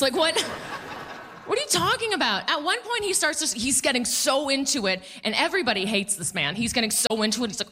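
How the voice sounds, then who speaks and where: A woman in her thirties doing a stand-up comedy set on a club stage, animated and acting out quotes in put-on voices. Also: fairly high pitch, normal speed.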